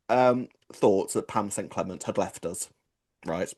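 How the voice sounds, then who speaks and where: A man's voice: lowish voice, huge pitch swings, unhurried, long pauses, a little mellow, husky. A man co-hosting a casual chat podcast, chatty and gushing, laughing easily. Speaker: podcast co-host.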